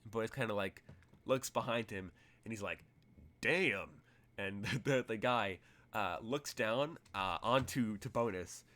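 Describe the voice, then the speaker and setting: A man's voice: lowish voice, unhurried, a bit bright. A man narrating as game master in a tabletop role-playing game, rambling through vivid, detailed scene descriptions.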